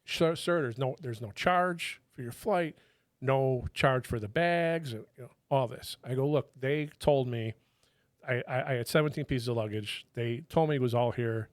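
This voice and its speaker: A man's voice: mid-range voice, moderate pace, dry recording. A middle-aged man, a retired federal agent, telling stories casually and animatedly, swearing freely and acting out what others said. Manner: animated, swears freely, quotes people in their own voices. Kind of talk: casual storytelling.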